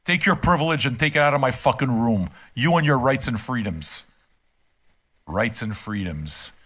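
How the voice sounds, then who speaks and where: A man's voice: medium pitch, lively intonation, normal speed, a bit bright, husky. An older man streaming a reaction and ranting casually from his room, profane, emphatic and heated. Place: home room.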